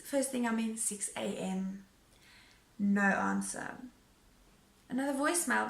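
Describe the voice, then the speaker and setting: A woman vlogger telling a story in an animated, exasperated way. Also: fairly high pitch, gravelly. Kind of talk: storytime vlog. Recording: roomy echo.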